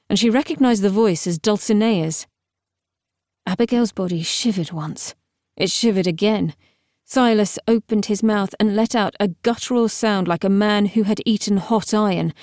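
Woman narrating a dark audiobook. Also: mid-range voice, no echo, clean studio sound. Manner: steady, measured storytelling. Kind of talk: scripted narration.

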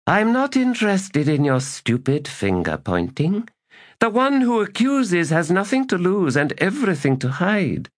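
A man's voice: high-pitched, huge pitch swings, unhurried, voice pushed up, full character voice. A man voicing a fierce fanged giantess. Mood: defiant. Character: Kilmandaros, a huge fanged goddess, fierce and defiant.

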